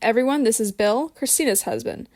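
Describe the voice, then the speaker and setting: A woman reading the part of a worried female party hostess, speaking quietly and confidingly. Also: a little high, animated, brisk, dry recording, studio quality. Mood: announcing.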